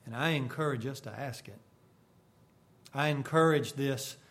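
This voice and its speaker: A man preaching a sermon, swinging from sudden loud bursts to hushed, quiet lines. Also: mid-range voice, a little slow.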